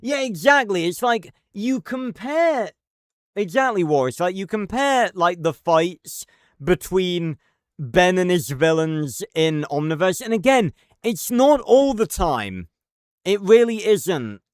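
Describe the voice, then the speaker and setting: Male streamer, unhurried rambling rant, dry close sound. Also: high voice, very animated, smooth, no room sound. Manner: rambling, profane, many fillers and restarts. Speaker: livestreamer. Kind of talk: casual live-stream commentary.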